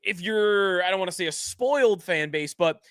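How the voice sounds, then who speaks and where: A man co-hosting a sports podcast in a loose, rambling way, leaning on filler words as he works out his point. His voice sits slightly high. The recording is dry and close. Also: expressive, normal speed, fairly bright tone, clean tone, no echo. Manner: rambling and conversational, many "like" fillers. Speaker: podcast co-host. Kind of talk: casual sports talk.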